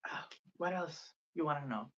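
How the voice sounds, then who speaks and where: A man's voice: a little high, animated, normal speed, a bit bright. A man teaching a beginner language lesson on a live stream, patient and earnest, repeating phrases for viewers to copy. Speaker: Spanish tutor. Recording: dull lo-fi sound.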